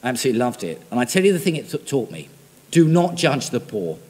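Lively preacher in echoing hall. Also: male voice, on the high side, fast. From Britain. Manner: animated, conversational preaching with direct questions to the congregation. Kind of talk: sermon. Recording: reverberant hall.

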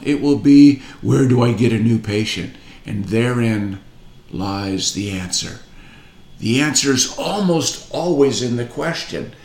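Slow gravelly guy giving a pep talk, keeps repeating his catchphrase, echoey room. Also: medium pitch. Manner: repeats a catchphrase, urges listeners to join in. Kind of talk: motivational talk.

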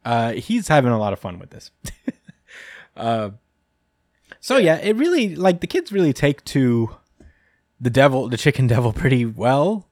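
A man's voice: mid-range voice, big pitch swings, a little slow, long pauses, a little mellow, no echo, clean studio sound. Laid-back man recapping a story. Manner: rambling, lots of ums and laughs. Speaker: podcast host. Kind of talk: casual chapter recap chat.

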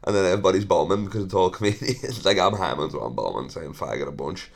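Low-voiced rambling sweary man. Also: fast, creaky. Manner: rambling, sweary, laughs often, self-correcting. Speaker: podcast host. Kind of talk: casual storytelling monologue.

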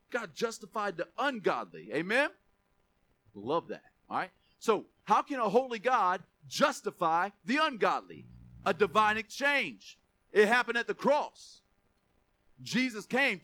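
High, bright-voiced passionate preacher man. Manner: passionate, swings from quiet asides to raised preaching. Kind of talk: sermon.

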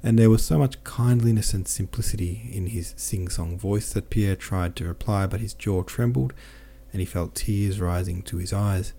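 A man reads a classic novel aloud as an audiobook narrator. His voice is low and mellow, and his delivery is steady and measured. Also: gravelly. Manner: steady, measured reading with small self-corrections.

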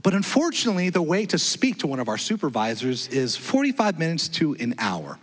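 A man's voice: a little high, wildly swooping pitch, fairly quick, long reverb tail. A man putting on the voice of a polite, apologetic female customer service agent who reads from a script. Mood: politely scripted.

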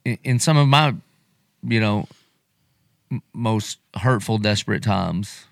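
Brief: middle-aged pastor host, low voice, emotional and animated, dry close mic. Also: male voice, takes it slowly, vocal fry, no room sound. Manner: animated, emotional, acts out quotes. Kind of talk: casual podcast conversation.

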